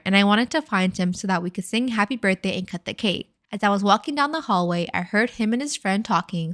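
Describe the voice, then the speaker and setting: Woman reading a story post out loud, even and plain, normal pitch. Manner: steady, plain reading with brief candid asides. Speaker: storytime narrator. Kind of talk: reading an online story aloud.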